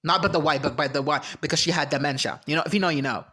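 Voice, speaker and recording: Reaction host ranting, heated and profane, mid-pitched voice, casual commentary, laughs and trips over words. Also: rapid-fire, pushed and bright. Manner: laughs and trails off mid-sentence.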